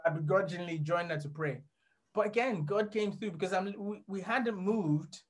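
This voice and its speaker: A man telling a story as a guest in a casual chat, rambling and animated, often laughing as he talks. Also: high-pitched, moderate pace.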